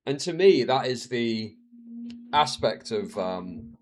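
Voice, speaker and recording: A man's voice: lively intonation, a little slow. A man streaming live, reacting to a video with profane, mocking commentary. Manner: profane, mocking, slips into shrill mimicking voices.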